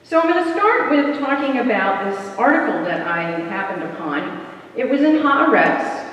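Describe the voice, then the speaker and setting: A woman in her fifties from the American South, giving a measured, deliberate talk as a panel speaker in a church, pausing for emphasis. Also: on the high side. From American South, North Carolina. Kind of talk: prepared talk at a church program. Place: large church hall. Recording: dull echoey hall recording from far off.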